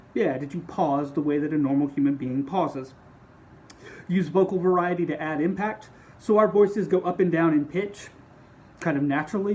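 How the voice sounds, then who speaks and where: A man's voice: on the high side, darkish tone, rough recording. Conversational male speech instructor. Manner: casual, conversational, explains with quick demonstrations. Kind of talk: recorded lecture.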